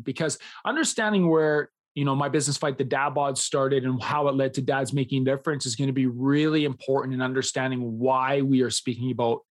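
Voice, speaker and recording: A man in his thirties hosting a solo podcast, talking in an earnest, enthusiastic way, often smiling as he speaks. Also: mid-range voice. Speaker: podcast host.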